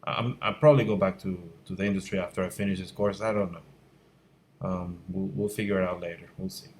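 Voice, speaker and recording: A middle-aged Venezuelan visual effects instructor answers viewer questions at night from a room at home by a window, candid and blunt, turning emphatic. His voice sits low with a steady, darkish tone and a brisk pace, over a little hiss or hum. The mic is fixed, so he fades when he turns away.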